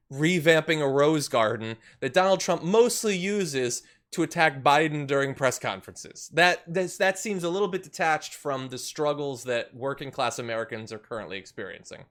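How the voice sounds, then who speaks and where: Lively sarcastic male host. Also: on the high side. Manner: sarcastic, lively, laughs often. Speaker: show host. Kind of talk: political commentary chat.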